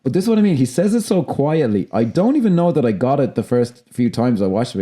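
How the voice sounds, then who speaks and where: A man's voice: mid-range voice, very animated, quick pace, few pauses, warm tone. A man co-hosting a podcast, chatting casually about a film, swearing freely and quoting lines. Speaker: podcast co-host.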